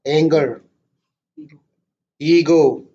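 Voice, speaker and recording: A man teaching a scripture class, telling a story in a lively way and putting questions to his audience. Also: a little high, extremely slow. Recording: dull lo-fi lecture recording.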